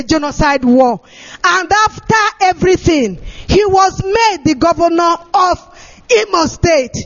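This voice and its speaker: Guy, really high voice, slow and drawn out, yelling and half crying, muffled lo-fi audio. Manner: shouting, tearful pleading. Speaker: activist speaker. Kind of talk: impassioned political address. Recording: dull lo-fi recording.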